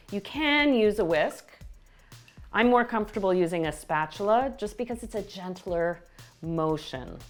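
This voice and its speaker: A woman hosting a baking show, explaining each step with clear, enthusiastic instructions from a kitchen. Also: on the low side. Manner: warm, explanatory, enthusiastic about the food. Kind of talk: cooking demonstration.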